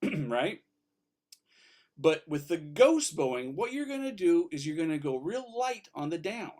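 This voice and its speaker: A man with a fairly high voice leads an online fiddle class, friendly and upbeat as he explains the bowing. A fiddle sounds faintly in the background. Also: big pitch swings, normal speed, soft background music. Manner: upbeat, encouraging, counts in and demonstrates. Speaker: fiddle teacher.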